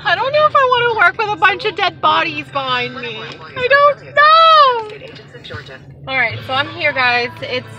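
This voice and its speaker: A young woman chatting casually to her vlog audience, telling stories in an animated, exasperated way. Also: high-pitched, poor audio. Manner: animated storytelling, exasperated retelling. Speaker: vlogger.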